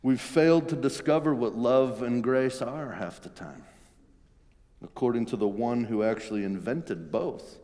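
Male pastor, mid-pitched, earnest and conversational, long hall reverb. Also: measured pace, warm tone. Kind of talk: sermon.

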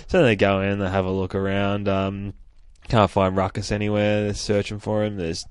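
A low-voiced man hosts a podcast and recaps a comic book with a loose, swearing, self-mocking energy. The recording is dry and close to the mic. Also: normal speed, clean tone, no echo. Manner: animated, profane, laughs at himself. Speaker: podcast host.

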